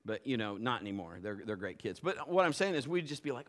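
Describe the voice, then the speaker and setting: A middle-aged male pastor preaching a sermon in a lively, conversational way, acting out little quotes. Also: medium pitch, quick pace, hardly any pauses.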